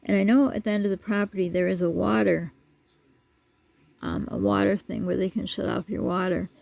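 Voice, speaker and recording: A woman's voice: mid-range voice, fairly even intonation, moderate pace, creaky, a little mellow, dry recording. A woman vlogger telling a story in a casual, rambling way, full of asides and restarts. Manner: rambling, digressive, with many asides.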